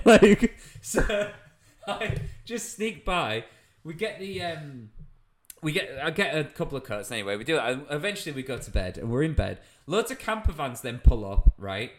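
A young British man spins a comic anecdote in loose, chatty style. His pitch sits a touch high and swings widely as he acts out the scene. He keeps breaking into laughter between lines. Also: moderate pace. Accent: British English. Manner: animated anecdote-telling with laughs. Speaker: comedian guest. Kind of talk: casual storytelling chat.

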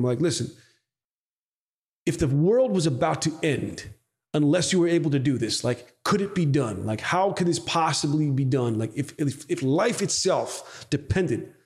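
A man telling a story in a casual podcast interview, swearing freely and acting out what people said. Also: medium pitch. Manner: animated storyteller, swears freely, acts out quotes. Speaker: podcast guest, company founder.

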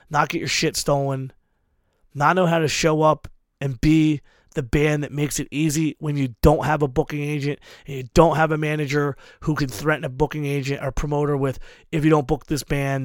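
Fortyish guy ranting about touring, swears nonstop, higher voice, dry close sound. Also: no room sound. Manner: emphatic, heavy swearing, drives points hard. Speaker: hardcore show booker. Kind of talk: profane advice rant.

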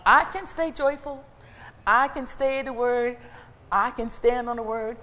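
A woman preacher giving a sermon with personal testimony, animated and conversational, calling out to the congregation. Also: on the high side, unhurried, long reverb tail. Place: church sanctuary.

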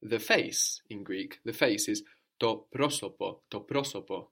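A man's voice: lowish voice, measured pace, fairly bright tone. A man teaching a spoken language lesson, explaining patiently and often checking in with a questioning "no?".

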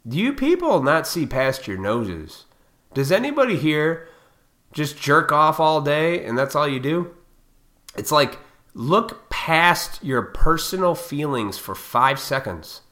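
A man with a bright, forceful voice rants straight at his audience. He is blunt and profane, and he lectures them with heated intensity. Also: fairly high pitch, very animated, takes it slowly. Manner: heated, fired up. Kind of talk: ranting monologue to viewers.

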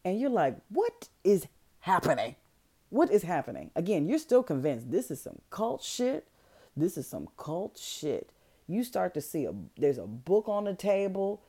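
Animated woman recapping a movie. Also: lowish voice, measured pace, husky. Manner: animated, slangy and comedic, voicing characters in asides. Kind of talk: casual movie recap with acted quotes.

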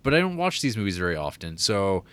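A man's voice: low voice, sing-song, quick pace, smooth. A man co-hosting a podcast, talking about a movie in a rambling, hedging way with some swearing. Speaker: podcast co-host. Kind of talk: casual film review chat.

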